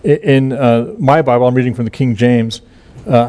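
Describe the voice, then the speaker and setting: In a relaxed, conversational style, a middle-aged male pastor guides listeners through a scripture passage as informal Bible teaching. He frequently halts, restarts sentences and relies on fillers, but settles into a steadier rhythm when reading the verses aloud. His pitch is ordinary for a man, and his tone stays level and slightly mellow.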